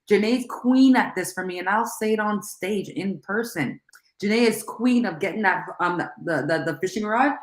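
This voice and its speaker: Middle-aged female host, lively rambling chat, mid-range voice, echoey room. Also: medium pitch. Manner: animated, rambling, laughs often. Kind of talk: casual talk show chat.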